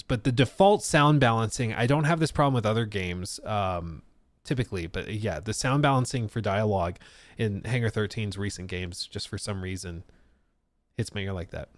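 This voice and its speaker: A man's voice: fairly low pitch, lively intonation, moderate pace, no room sound, clean studio sound. A man chatting casually on a live stream, reacting to gaming news, rambling, laughing and reading chat comments aloud.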